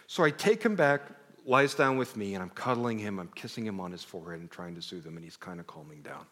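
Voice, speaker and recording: A middle-aged man preaches to a congregation in a warm, conversational way, mixing personal stories with self-deprecating asides. His pitch rises and falls expressively as he talks. His voice rings out with the long reverb of a large hall. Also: animated, quick pace, few pauses. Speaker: pastor. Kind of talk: sermon.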